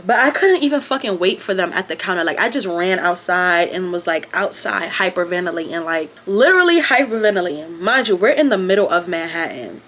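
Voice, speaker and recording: Fast-talking young New woman. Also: fairly low pitch, big pitch swings, a bit bright, slight background noise. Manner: rapid, profane, filler-heavy storytelling with acted quotes. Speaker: vlogger. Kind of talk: casual storytime.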